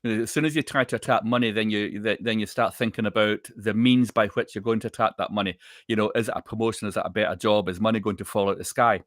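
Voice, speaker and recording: A man co-hosting a chat show, calmly explaining advice and repeating his points. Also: fairly low pitch, fast, no echo, studio quality. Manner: calm, explanatory, repeats phrases. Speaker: co-host.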